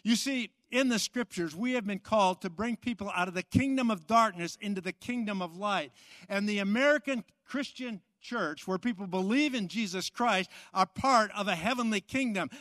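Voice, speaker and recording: A man's voice: high voice, expressive, moderate pace, sharp tone, no echo, clean studio sound. A man preaching a sermon, emphatic and repetitive, with rhetorical questions. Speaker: pastor.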